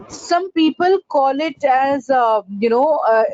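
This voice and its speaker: A high-voiced woman teaches a pronunciation lesson at an unhurried pace, her tone soft and mellow. She stops and restarts often and repeats each corrected word in a measured drill. The sound is dull and lo-fi. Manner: halting, repeats words with many fillers; drills corrections in a slow contrasting pattern. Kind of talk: online class lesson.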